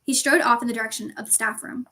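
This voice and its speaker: A woman reads a storybook aloud at a steady, calm pace. Her voice sits a little high for a woman. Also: fast talker. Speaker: audiobook reader. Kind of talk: storybook narration.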